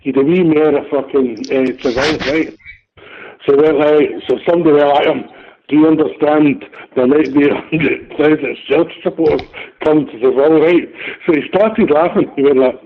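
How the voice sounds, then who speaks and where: A man's voice: fairly high pitch, a little fast. A Scottish man in casual football chat, sweary and rambling, tagging lines with "right?". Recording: dull lo-fi recording.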